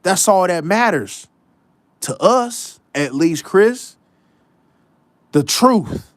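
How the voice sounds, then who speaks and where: Blunt, profane man ranting with lively pitch. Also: extremely slow, no echo. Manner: repeats lines for emphasis. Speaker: commentary show host. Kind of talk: casual sports commentary rant.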